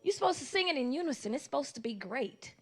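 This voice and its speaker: A woman doing live stand-up comedy in an animated, conversational way, playing to the audience. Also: sits high, fast talker.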